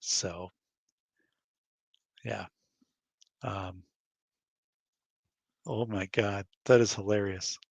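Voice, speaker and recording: A man's voice: fairly low pitch, fairly even intonation, drawn-out words, gravelly, pauses often, no echo. A man hosting a podcast in his studio, rambling casually and acting out bits of dialogue while laughing at his own stories. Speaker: podcast host. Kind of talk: casual chat.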